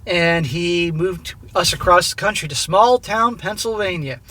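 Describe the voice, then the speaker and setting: A man in his forties, raised in Southern California, hosts an advice monologue. He talks bluntly and swears freely. His voice sits fairly high and has a bright, forceful edge. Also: measured pace. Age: 40s. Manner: blunt and profane, keeps addressing "guys". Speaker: advice channel host.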